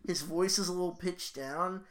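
A man co-hosting a casual comedy podcast, excitable and quick to laugh, often cutting in and apologizing. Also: sits high, crowd noise. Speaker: podcast co-host.

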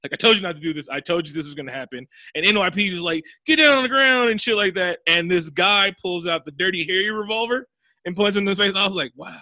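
Bright, animated man recapping a movie. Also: high voice, fast, dry recording. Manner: profane, animated, acts out characters' lines. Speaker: podcast host recapping a movie. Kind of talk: casual comedic chat.

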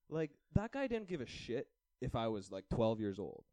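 A man's voice: mid-range voice, moderate pace, dry recording. A young man from Canada telling a long holiday anecdote in casual podcast chat, acting out the dialogue and laughing as he goes. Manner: animated anecdote-telling, acts out quoted dialogue, laughs often. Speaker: podcast co-host.

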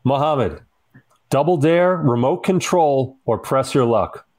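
A man's voice: medium pitch, lively intonation, measured pace, darkish tone. A man hosting a podcast quiz game, in playful, casual banter with friends. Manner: playful quizmaster, laughs often.

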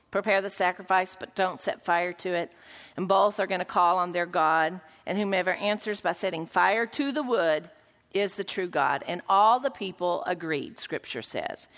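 A woman's voice: on the low side, fairly bright tone. A woman teaching a Bible lesson to a group, asking questions and reading quotations aloud in an earnest way. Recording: long reverb of a large room.

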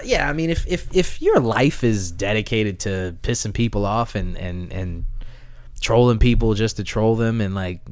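American man, podcast co-host, casual chat, lively up-and-down voice, dry close sound. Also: lowish voice, no room sound. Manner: profane, animated, laughing.

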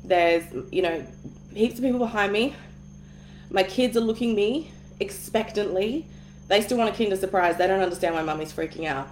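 Female coach, candid storyteller, casual cursing, mid pitch, roomy echo. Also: moderate pace, darkish tone, slight background noise. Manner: frank and chatty, swears casually, laughs through the story. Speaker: money mindset coach. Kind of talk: candid personal storytelling in an online course. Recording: echoey room.

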